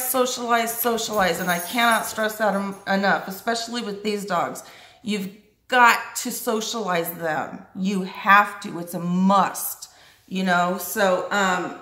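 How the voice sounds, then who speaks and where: A woman chatting casually to her phone at home, rambling through viewer questions with plenty of ums and restarts. Her voice sits in a middling pitch, and the room around her rings with noticeable echo. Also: a bit bright. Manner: rambling, with many fillers and restarts; high sing-song baby talk to her dog. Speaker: dog owner answering viewer questions. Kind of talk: casual Q and A vlog. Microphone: phone held while scrolling.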